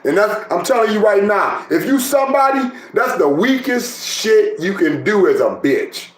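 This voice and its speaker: A man's voice: high voice, lively intonation, moderate pace, roomy sound, low-quality recording. A man giving scornful, profane reaction commentary.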